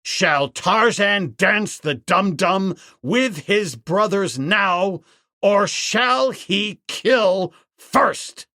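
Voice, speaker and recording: A man doing a proud, slow-spoken jungle hero. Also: high voice, animated, pushed and bright, no echo, clean studio sound, pitched above the performer's own voice, exaggerated voice. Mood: commanding. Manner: slow, declaiming challenges. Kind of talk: audiobook narration.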